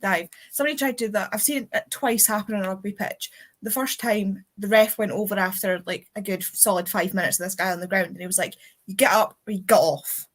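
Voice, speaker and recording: A woman's voice: medium pitch, steady tone, fast. A young adult woman with a Scottish accent, hosting a casual livestream chat and telling rambling anecdotes with the odd swear word. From Scotland. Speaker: readathon livestream host.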